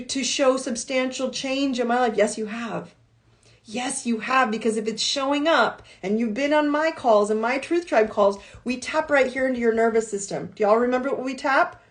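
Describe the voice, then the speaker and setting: A woman coach giving an earnest, encouraging live-stream talk full of repeated affirmations. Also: a little high. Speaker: life coach.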